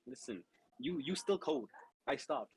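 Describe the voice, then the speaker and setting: A man's voice: medium pitch, animated, unhurried, breathy edge, dry recording, low-quality recording. A young man co-hosting a podcast, brash and boastful in joking banter. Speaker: co-host. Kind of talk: casual banter.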